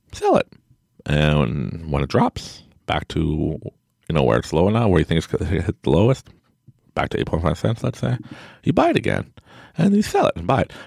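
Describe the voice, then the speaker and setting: Low, gravelly man hosting a podcast. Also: no echo, clean studio sound. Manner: animated, chatty, laughs often. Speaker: podcast host. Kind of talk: casual motivational monologue.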